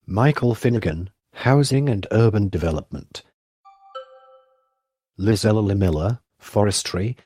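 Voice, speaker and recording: Male reader, lowish voice, flat formal delivery of a government roster over soft music. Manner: flat formal recitation of names and titles. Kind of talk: scripted reading of a government listing.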